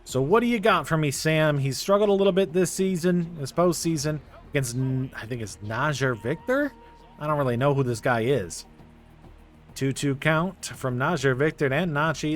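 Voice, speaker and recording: A young man narrating his baseball video game play by play, quickly getting frustrated at the game. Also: a little high, soft background music. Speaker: gaming YouTuber. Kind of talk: casual video game commentary.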